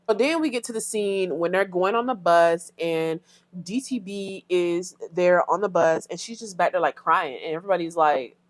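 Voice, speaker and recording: A woman's voice: fairly low pitch, normal speed, no echo. A young woman from Florida who recaps a reality show with blunt, sassy casual commentary and talks straight to her viewers. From Fort Pierce, Florida.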